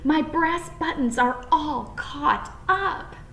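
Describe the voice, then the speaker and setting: A woman's voice: medium pitch, big pitch swings, unhurried, a little mellow, slight background noise. A woman voicing a naughty young male bunny who pleads in a small, breathless voice. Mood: pleading. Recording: roomy echo.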